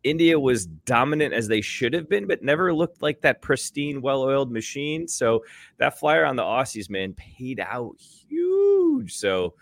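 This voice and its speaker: A man's voice: animated, moderate pace, creaky, a bit bright, dry recording. A man co-hosting a casual sports podcast, boastful and joking as he talks about bets and games. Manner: boastful, joking, talks in big swings of pitch. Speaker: podcast co-host. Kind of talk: casual sports betting chat.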